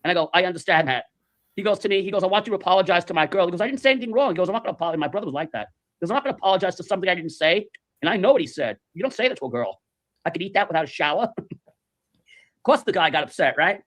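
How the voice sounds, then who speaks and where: Fast-talking man telling a story. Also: sits high. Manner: animated, acts out quoted voices. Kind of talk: casual storytelling.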